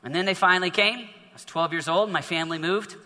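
A male preacher with a high, very bright voice tells a story in a sermon, circling back and repeating himself as he goes. His words ring out under a long hall reverb. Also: fairly quick. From northern United States. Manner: storytelling with frequent repetitions and restarts.

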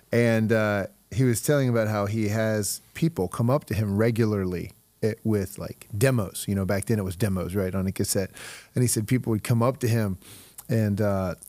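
Middle-aged male host with a low voice. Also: no echo. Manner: warm storyteller, chuckles, searching phrasing. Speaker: host, youth leader. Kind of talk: casual interview chat.

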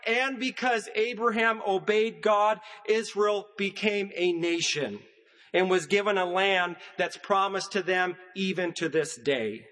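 A man delivers a sermon in a high-pitched voice. He speaks in a measured preaching cadence and hammers home his points with repetition. His words echo with the long reverb of a church sanctuary. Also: a bit bright.

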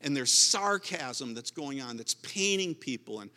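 A man's voice: mid-range voice, animated, unhurried, sharp tone, in a large hall. A man preaching a sermon as pastor, emphatic and repetitive, often restarting his words.

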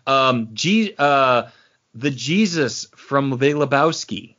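A man's voice: mid-range voice, expressive, a little slow, fairly bright tone, lo-fi sound. A man in casual chat about movies, rambling and enthusiastic.

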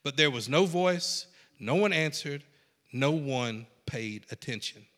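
A man preaching a sermon in a folksy, animated way, swinging from hushed lines to shouts. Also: a little high, takes it slowly, big-room sound. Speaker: pastor.

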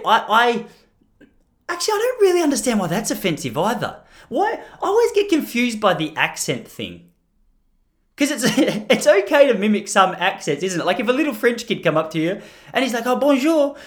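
Lively Australian man rambling jokily. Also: high-pitched, brisk. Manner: rambling, jokey and self-deprecating, full of restarts. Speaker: vlogger. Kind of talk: casual to-camera monologue.

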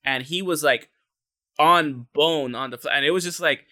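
A man's voice: on the high side, moderate pace, sharp tone, no echo, studio quality. A man co-hosting a podcast, chatting casually about fighting with loose, profane, rambling talk full of fillers. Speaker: podcast co-host. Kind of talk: casual sports chat.

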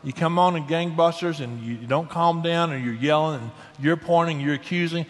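An older man giving marriage advice in an earnest, folksy way, telling stories with lively emphasis. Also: on the high side, brisk. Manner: earnest, folksy, animated storytelling. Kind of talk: conversational advice. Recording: long reverb.

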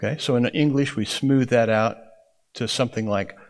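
A man's voice: mid-range voice, moderate pace. A man teaching a Bible interpretation class to students in a classroom. He talks conversationally and keeps checking in with "okay?".

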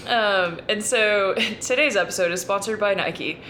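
A woman's voice: medium pitch, a little slow, fairly bright tone, slight background noise. A woman co-hosting a casual podcast chat, joking and chatty on a single shared mic. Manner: joking, chatty, laughs through lines. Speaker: podcast co-host.

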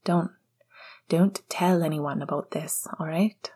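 A woman voicing a hot-tempered, protective teenage boy wizard, low and intense, with a husky voice. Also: steady tone, slow pace, dark tone, exaggerated voice. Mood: curt.

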